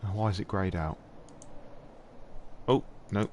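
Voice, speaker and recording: A man's voice: lowish voice, steady tone, measured pace, darkish tone, slight background noise. A man hosting a live stream, chatting casually, swearing freely and laughing often.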